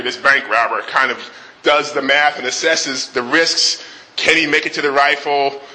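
A man retelling a movie scene in an animated way before making his point. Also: medium pitch, rough recording. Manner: animated retelling with restarts and acted quotes. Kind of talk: storytelling lead-in to a talk.

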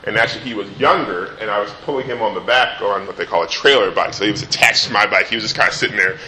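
A middle-aged father telling a personal anecdote in a relaxed, animated way, acting out the voices. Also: fairly low pitch, fast talker, a little hiss or hum. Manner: animated, acts out the voices in his story. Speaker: storyteller.

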